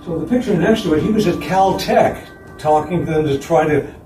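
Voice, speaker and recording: A man giving a conference lecture about slides, relaxed and chuckling between points. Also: a little high, moderate pace, soft background music. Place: concert hall. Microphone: distant room mic. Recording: roomy, distant hall recording.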